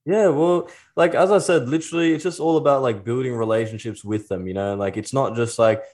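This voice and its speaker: A man's voice: mid-range voice, a little fast, darkish tone. A young man from Australia, a music producer guest chatting casually in an interview, laid-back and slangy, acting out bits of conversations.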